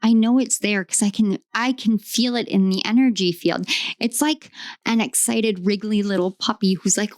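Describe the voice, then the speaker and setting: A woman's voice: medium pitch, steady tone, normal speed, a little mellow, no echo, clean studio sound. A woman doing a tarot card reading, speaking in emphatic, repetitive affirmations. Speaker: tarot reader.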